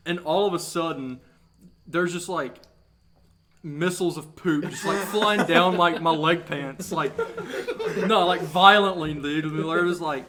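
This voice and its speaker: A young man co-hosting a casual podcast, telling a crude story in an animated way and laughing as he talks. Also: sits high. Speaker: podcast co-host. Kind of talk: casual chat. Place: outdoors.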